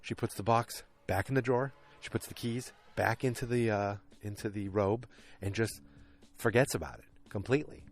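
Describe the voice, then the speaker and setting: A man's voice: on the low side, normal speed. A man hosting a podcast, casually recapping an episode in a rambling, self-deprecating way with many fillers. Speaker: podcast host.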